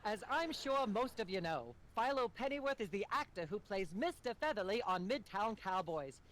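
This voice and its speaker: A woman's voice: medium pitch, lively intonation, moderate pace, a little hiss or hum, close to an everyday voice. A woman voicing a condescending, self-absorbed talk show hostess in a comedy adventure game. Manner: condescending, droning.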